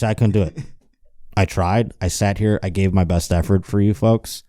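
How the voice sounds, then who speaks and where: A man's voice: sits low, steady tone, moderate pace, warm tone, dry recording, studio quality. A man hosting a casual comedic news show, rambling and joking while hungover. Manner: rambling, joking, self-interrupting. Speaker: host.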